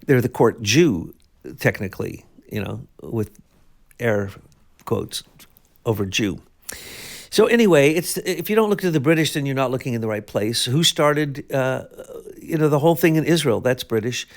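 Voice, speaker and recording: A man's voice: medium pitch, lively intonation, normal speed, gravelly. Emphatic man on a political talk show. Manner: emphatic, sweeping claims with many restarts. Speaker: co-host.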